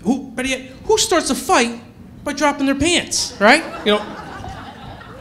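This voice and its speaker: A male stand-up comedian telling a story on a comedy club stage in an animated way, acting out the characters. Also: very high voice, slow pace, long pauses, a little hiss or hum.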